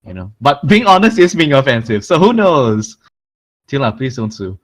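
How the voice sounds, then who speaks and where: A young man bantering on a podcast. His pitch moves around a lot as he jokes, laughs and trips over restarts. He sits at a middling pitch for a man. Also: sing-song. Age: young adult. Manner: joking, laughs often, quick restarts. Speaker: podcast co-host.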